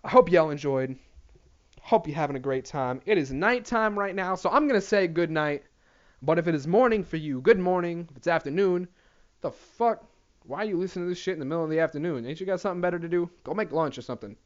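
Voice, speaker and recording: A man's voice: fairly high pitch, expressive, fast, lo-fi sound. A young man hosting a podcast alone, rambling through a crude comedy monologue, swearing freely and laughing at himself. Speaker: podcast host.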